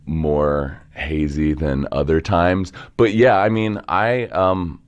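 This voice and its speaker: A young man from the Baltimore area, an entrepreneur guest in a casual interview, rambling and animated, swearing now and then. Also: a bass voice, slow pace, clear, resonant tone, muffled recording. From Baltimore area, Maryland.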